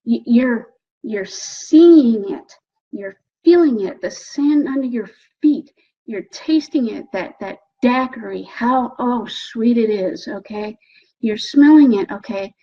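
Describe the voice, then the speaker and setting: A woman giving an animated motivational talk, coaxing the listener and often checking in with "okay?". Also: fairly high pitch, slow pace, breathy edge. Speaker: motivational speaker. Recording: dull lo-fi recording.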